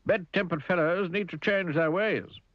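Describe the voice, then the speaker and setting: A man's voice: high voice, normal speed, dry recording, dull audio, voice pushed up, natural voice. A man voicing a cheerful, polite grown man in a cartoon. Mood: genial. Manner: polite, genial.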